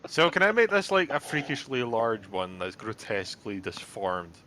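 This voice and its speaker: A man's voice: fairly low pitch, very animated, normal speed, sharp tone, a little hiss or hum. A man playing in a tabletop game, chatting casually with playful, dramatic outbursts. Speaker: player.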